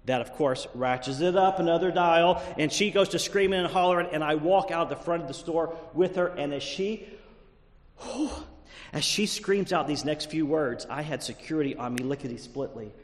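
A man preaching in a church sanctuary, spinning a folksy story that swings from hushed asides to loud bursts. His voice sits high for a man. It rings out with long echoes across a large hall. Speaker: pastor. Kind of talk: sermon with personal story.

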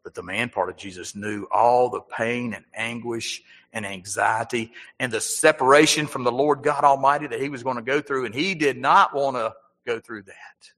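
A man's voice: mid-range voice, normal speed, few pauses, sharp tone, in a large hall, low-quality recording. A male pastor preaching a sermon, asking the congregation rhetorical questions and building emphasis.

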